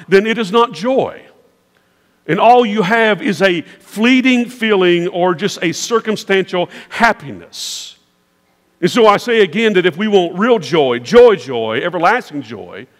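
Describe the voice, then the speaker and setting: A man's voice: sits high, a bit bright. A man preaching a sermon as pastor, with an emphatic, repetitive preaching cadence. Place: large church sanctuary. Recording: long church reverb.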